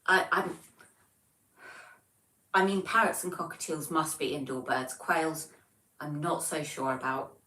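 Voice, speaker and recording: A woman's voice: low voice, a little slow, long pauses, pushed and bright, reverberant, distant mic, low-quality recording. A woman in her forties with a Devon English accent, chatting casually on a livestream, reading out viewer comments in a chatty, self-deprecating way. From England. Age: 40s. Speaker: livestream host.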